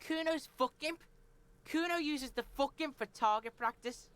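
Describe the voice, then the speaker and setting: A man's voice: extremely high pitch, normal speed, fairly bright tone, voice pushed up. A man voicing a cocky, hostile street boy in a put-on Scouse accent who swears constantly and talks about himself in the third person. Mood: sneering. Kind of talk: live game voice-over.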